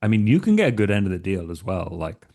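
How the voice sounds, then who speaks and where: Laid-back, lower-voiced man playing a game. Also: big pitch swings, quick pace, creaky, warm tone. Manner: laid-back, offhand, persuasive. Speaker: player. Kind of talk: playing a tabletop game in character.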